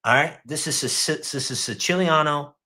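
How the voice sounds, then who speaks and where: A man's voice: on the high side, moderate pace, bright, forceful tone. A man hosting a casual reaction show, mocking and profane as he riffs on clips.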